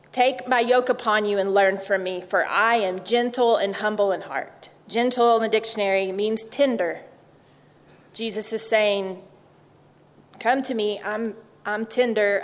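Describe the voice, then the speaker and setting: Woman, chapel speaker; unhurried, soft, reflective delivery; echoey hall sound. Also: mid-range voice. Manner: gentle, reflective, repeats key words. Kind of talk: devotional chapel talk.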